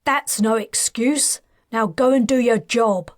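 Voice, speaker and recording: Lady reading as a gruff army officer guy, barking short orders, fairly high voice, dry sound. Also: slow, no echo. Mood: stern. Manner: curt and commanding. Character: stern male soldier officer barking orders.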